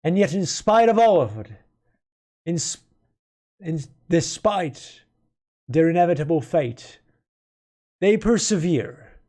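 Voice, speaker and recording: A fairly high, very animated male voice that moves slowly, with frequent pauses and a warm tone. In casual live-stream commentary, he rambles about game lore, speculates, and keeps revising what he just said.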